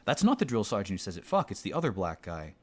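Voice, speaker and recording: A man's voice: fairly low pitch, wildly swooping pitch, fast talker, a little mellow. A man giving rambling, profane, sardonic commentary while playing a video game. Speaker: let's play commentator. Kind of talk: casual gameplay commentary.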